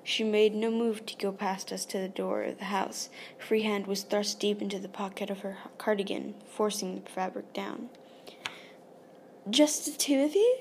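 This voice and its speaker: A woman narrating an audiobook in a soft, hushed, often half-whispered delivery. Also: medium pitch, little pitch movement, normal speed, creaky, hardly any pauses, slight background noise. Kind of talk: scripted narration.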